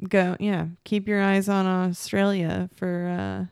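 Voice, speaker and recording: A woman's voice: medium pitch, level tone, takes it slowly, vocal fry, a little mellow, clean tone, dry recording, clean studio sound. A woman co-hosting a casual podcast chat, amused and laughing often as she tells a story. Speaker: podcast co-host.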